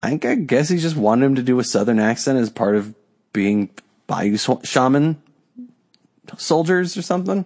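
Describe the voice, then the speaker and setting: A man's voice: mid-range voice, animated, normal speed, darkish tone. A young man co-hosting a podcast in casual chat, ranting with lots of profanity and exasperation. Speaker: podcast co-host.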